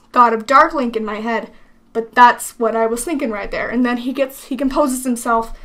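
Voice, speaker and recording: A woman's voice: fairly high pitch, a bit bright. A woman voice actor talking about her role in a casual, rambling interview monologue, full of fillers. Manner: rambling, chatty, lots of fillers.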